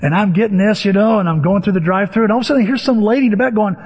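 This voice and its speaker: An older man preaching a sermon as pastor, telling stories in an animated way and acting out the voices of people in them. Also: sits high, rapid-fire, hardly any pauses, breathy edge, big-room sound. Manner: animated storytelling with acted-out voices.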